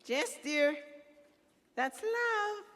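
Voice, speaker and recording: A woman's voice: very high voice, lively intonation, drawn-out words, a bit bright, heavily acted. A young woman playing a tipsy, worldly chaperone in a school stage musical, with a languid, grand manner. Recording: reverberant school auditorium.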